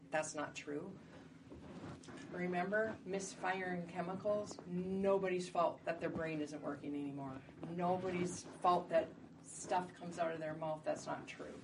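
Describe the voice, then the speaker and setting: A woman's voice: fairly low pitch, vocal fry. Woman presenter heard from across the room. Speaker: workshop presenter. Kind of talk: workshop talk with role-play. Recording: distant mic with audible noise.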